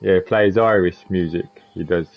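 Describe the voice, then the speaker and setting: A man's voice: low voice, steady tone, moderate pace, creaky, muffled recording. A man, a streamer chatting casually and repeating himself while he plays. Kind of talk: casual chat while gaming.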